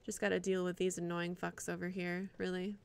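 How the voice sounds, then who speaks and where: A woman streaming live gameplay, swearing and reacting out loud to the game and chatting with viewers. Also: on the low side, flat delivery, brisk, gravelly, smooth. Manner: profane, reactive, talks to the game and chat.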